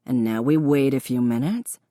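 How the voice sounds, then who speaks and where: Patient, encouraging young man teaching cooking in an audiobook, read by a woman; low and dry. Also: normal speed, dry recording. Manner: patient, encouraging, gently instructive.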